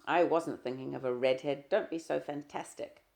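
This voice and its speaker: A woman reading the lines of an irritable young husband in an audiobook, with loud, clipped, defensive retorts. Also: low-pitched, moderate pace, creaky. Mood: curt. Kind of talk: audiobook character dialogue.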